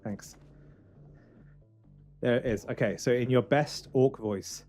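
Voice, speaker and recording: A man streaming a game for charity in casual, joking chat, swinging from loud outbursts to quiet muttering. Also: mid-range voice, measured pace, pauses often, soft background music.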